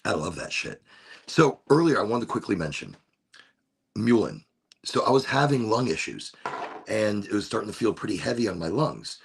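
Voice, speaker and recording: A man's voice: lowish voice, very animated, normal speed, vocal fry, a little hiss or hum. A man hosting his own podcast, chatting casually from home in a rambling, laid-back way, often cutting himself off mid-sentence. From Florida. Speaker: podcast host. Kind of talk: casual solo chat. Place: home room with window cracked.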